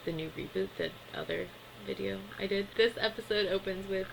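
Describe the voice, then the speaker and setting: A woman's voice: medium pitch, a little fast, gravelly, slight background noise, rough recording. A woman casually recapping a cartoon episode in a chatty way, with lots of filler words. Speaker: cartoon reviewer.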